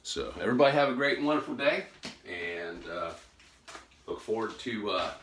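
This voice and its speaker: A man's voice: on the low side, animated, normal speed, fairly bright tone, slight background noise. A man chatting casually as he unboxes on a phone, folksy and rambling, with many fillers and restarts. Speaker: gun hobby vlogger.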